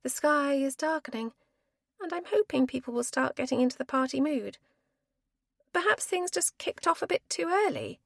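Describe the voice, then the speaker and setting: A woman narrating a first-person thriller audiobook in a lively, expressive reading. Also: high-pitched, moderate pace, gravelly, no room sound, studio quality.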